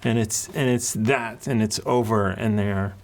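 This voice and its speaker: A man narrating a tabletop game as game master, telling the scene in a deliberate storytelling way. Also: on the low side, steady tone.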